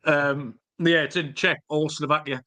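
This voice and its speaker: A man's voice: fairly high pitch, level tone, a little slow, bright, forceful tone. A man co-hosting a podcast, telling jokey, rambling stories with the odd swear word. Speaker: podcast co-host. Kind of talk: casual chat.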